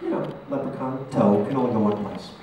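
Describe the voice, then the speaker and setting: A man's voice: fairly low pitch, lively intonation, a little fast, heavy background noise. A man performing a live comedy song on a cruise ship stage, singing in a playful mock-Irish lilt and bantering between verses. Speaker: comedy singer. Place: cruise ship concert hall. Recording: echoey hall from far off.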